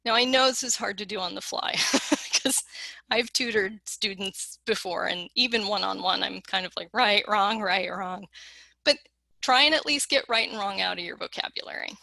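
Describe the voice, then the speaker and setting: Bright, lively woman giving a keynote. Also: medium pitch, gravelly, no echo. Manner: quick, lively and joking, acting out quotes. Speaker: keynote speaker. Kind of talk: conference keynote lecture.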